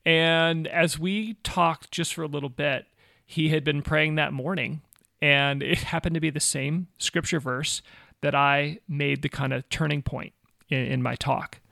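A man in his forties with a rough, gravelly voice that sits fairly high for a man. He tells his story casually and animatedly, full of "like"s and self-mocking asides. The sound is close and dry. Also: steady tone, unhurried, pushed and bright, no echo. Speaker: guest, former missionary. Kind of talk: personal storytelling interview.

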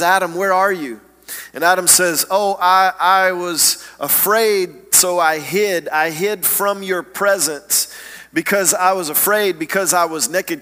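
Bright-voiced guy preaching, keeps repeating words, big echoey church hall. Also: on the high side. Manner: halting, repeats words, earnest. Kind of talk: sermon. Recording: long hall reverb.

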